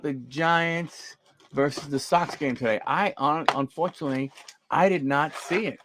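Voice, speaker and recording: On his live card break stream, a man addresses viewers by name while reading player names off the cards he flips. His voice is fairly high and fairly bright, his pace moderate, with a little hiss or hum.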